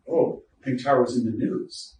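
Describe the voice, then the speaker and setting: A man giving a loose, joking workshop lecture, tossing asides to the audience as he talks. His voice sits at a middle pitch and is picked up from a distance. The room is echoey, with a faint hiss of background noise. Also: steady tone, normal speed, a little mellow. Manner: chatty, jokey, asides to the audience. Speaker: lecturer, teacher educator. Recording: roomy echo, distant mic, faint noise.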